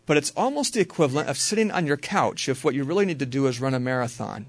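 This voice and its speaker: A man teaching a group how to read the Bible, talking in a relaxed, conversational way and slowly repeating verses. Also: medium pitch, no echo. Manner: relaxed, conversational, slow careful repetition.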